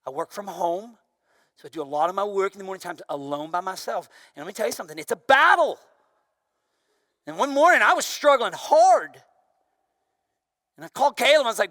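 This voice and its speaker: A young adult man, a pastor, preaching a sermon in an animated way, swinging from loud bursts down to hushed, quiet lines. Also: high-pitched, fairly quick, long pauses, dry recording, clean studio sound.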